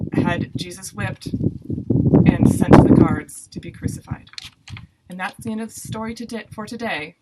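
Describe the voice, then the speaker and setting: A woman storyteller narrating a Bible story for children in a gentle, plain storytelling manner. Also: on the low side, a little slow, very noisy. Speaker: Sunday school storyteller.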